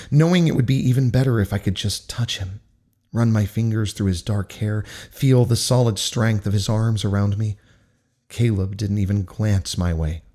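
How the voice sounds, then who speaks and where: A man's voice: fairly low pitch, darkish tone. A man reading a first-person novel aloud in an intense, angry, profane manner. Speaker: audiobook narrator.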